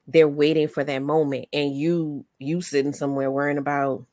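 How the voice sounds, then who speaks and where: A woman podcast host and coach in casual interview chat, talking in an animated, motivational way with many fillers. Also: low voice, moderate pace, no echo, clean studio sound.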